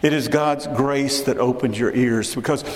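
As pastor, a man preaches a sermon earnestly and directly to his congregation, repeating phrases for emphasis. His mid-range voice moves at a moderate pace, recorded in an echoey church sanctuary with long reverb and faint hiss.

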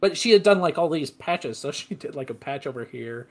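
Animated rambling storyteller man. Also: on the high side, fairly quick. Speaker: podcast co-host. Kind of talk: casual storytelling chat.

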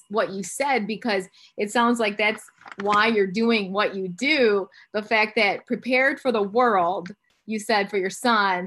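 Podcast host, woman, 50s, conversational and full of fillers, middle-range voice. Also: mid-range voice. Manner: chatty, warm-hearted asides with many fillers. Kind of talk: conversational interview.

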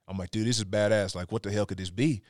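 A man's voice: fairly low pitch, quick pace, dry recording, studio quality. A man hosting a podcast, telling a story with energy, swearing often and acting out sounds. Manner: animated storyteller, swears freely, acts out sounds. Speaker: podcast host. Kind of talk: casual storytelling chat.

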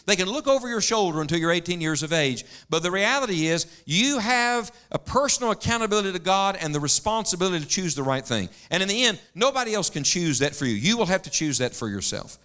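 A man's voice: high voice, lively intonation, quick pace, hardly any pauses, pushed and bright. A man preaching a sermon to a congregation, earnest and preacherly, often quoting others aloud.

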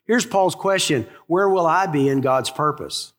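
A man preaching a sermon as a pastor, emphatic and storytelling, slowing to stress key words and speeding up through quick asides. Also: on the high side, fairly bright tone, big-room sound.

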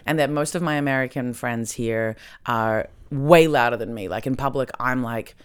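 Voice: medium pitch, moderate pace, clear, resonant tone. A podcast host with an Australian accent, chatting in a rambling, hedging way. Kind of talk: casual podcast chat.

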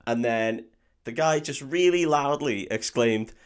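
A man, co-hosting a podcast and telling lively, laughing anecdotes full of swearing. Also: medium pitch, a little slow, clear, resonant tone. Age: 30s. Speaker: podcast co-host. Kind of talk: casual chat.

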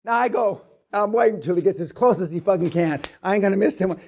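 A man speaking at a seminar, telling a story to the room in a loud, profane way and acting out sounds as he goes. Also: high-pitched, fast talker. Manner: profane, lively storyteller who acts out sounds. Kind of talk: storytelling to a live audience.

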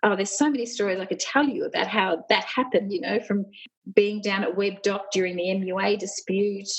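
Middle-aged woman, husky voice, candid and animated storyteller, ex-nurse union leader. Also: medium pitch, fairly quick, poor audio. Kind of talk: personal storytelling in an interview.

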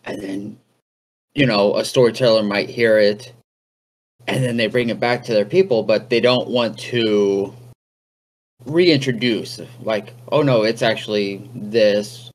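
A man's voice: on the low side, unhurried, long pauses. A man hosting a casual talk on folklore, speaking conversationally with fillers and asides. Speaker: podcast host.

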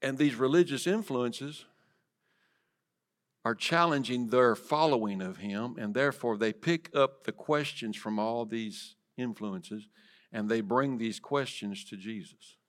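Male pastor, mid-pitched, dynamic sermon delivery, drops to whispers for effect. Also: unhurried. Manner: dynamic preaching, swinging from loud emphasis to soft whispers. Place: church sanctuary.

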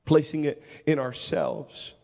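A man's voice: fairly high pitch, fairly even intonation, takes it slowly, gravelly, a little mellow, in a large hall. A man preaching a sermon in a church, asking searching, pleading questions and repeating his first words as he moves into an altar-call prayer. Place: church sanctuary with congregation.

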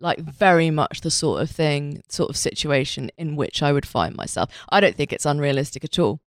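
A woman's voice: sits low, expressive, normal speed, dry recording, clean studio sound. A woman hosting a podcast, telling a rambling, self-mocking story full of filler words. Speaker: podcast host.

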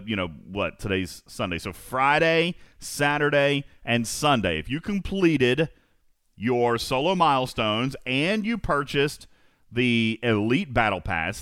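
A man hosting a live gaming podcast, energetic and emphatic, often repeating phrases for effect and talking directly to his co-host and listeners. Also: medium pitch, no echo, clean studio sound.

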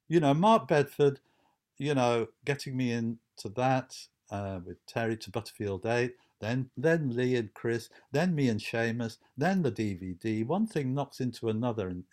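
A man in a middle pitch, telling a long anecdote. He rambles and hesitates, stumbling through restarts and fillers as he goes. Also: darkish tone. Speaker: storyteller. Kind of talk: anecdotal storytelling.

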